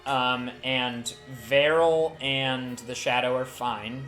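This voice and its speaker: A man running a tabletop game as game master, telling the scene with lively restarts. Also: medium pitch, slow, roomy sound, soft background music. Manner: lively storytelling with many restarts.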